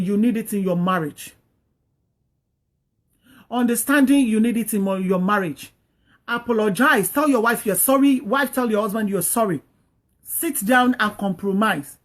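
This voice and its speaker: A woman giving casual, preachy marriage advice, repeating her points earnestly and acting out what couples should say. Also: on the high side. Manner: earnest, repetitive, preachy, acts out quoted speech. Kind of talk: casual advice talk to an online audience.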